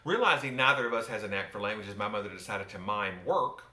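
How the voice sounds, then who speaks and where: A man's voice: fairly low pitch, lively intonation, quick pace, pushed and bright. Wry Southern man telling a story. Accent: Southern US, softened. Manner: wry, theatrical, with joking asides to the listener. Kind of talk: personal storytelling from his book. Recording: roomy echo.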